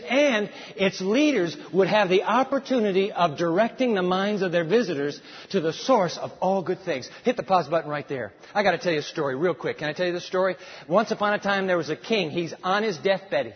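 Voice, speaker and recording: High, husky man preacher; dramatic sermon storytelling; reverberant hall. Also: expressive, moderate pace. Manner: dramatic storytelling with sudden asides. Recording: dull sound with long hall reverb.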